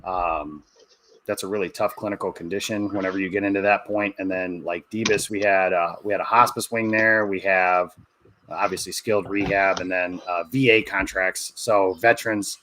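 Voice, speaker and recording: Easygoing low-voiced man. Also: fairly even intonation, moderate pace, pushed and bright. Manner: easygoing, rambling, many fillers. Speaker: guest, sportswriter. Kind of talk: casual podcast interview.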